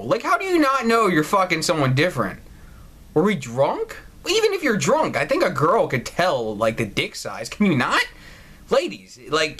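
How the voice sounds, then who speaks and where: Guy yelling and cursing through a let's play, voice swinging all over the place. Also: high voice, breathy edge. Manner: loud, swearing, incredulous, laughs a lot. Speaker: gaming channel host. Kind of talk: profane let's play commentary.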